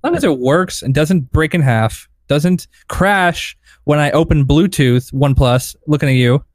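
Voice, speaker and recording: A man's voice: a little high, unhurried, no echo, studio quality. A man hosting a casual podcast chat, blunt and profane as he puts the questions.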